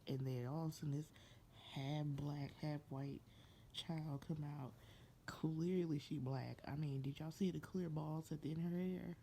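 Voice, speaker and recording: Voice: mid-range voice, fairly even intonation, moderate pace, vocal fry, mellow, slight background noise. A person giving a casual, gossipy recap of a TV episode, slangy and playfully sassy, often breaking into laughter. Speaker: TV show reviewer.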